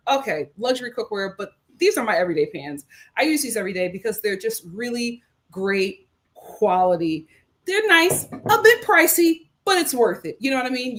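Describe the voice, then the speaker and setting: American woman, casual livestream host, upbeat and talkative, rambling asides. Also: fairly high pitch. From United States. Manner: chatty, upbeat, lots of fillers and asides. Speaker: lifestyle streamer.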